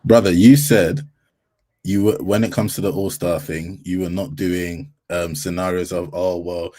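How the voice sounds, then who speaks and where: A man's voice: low voice, fairly even intonation, moderate pace, dark tone. A man co-hosting a casual sports debate, pressing his point and calling out a contradiction.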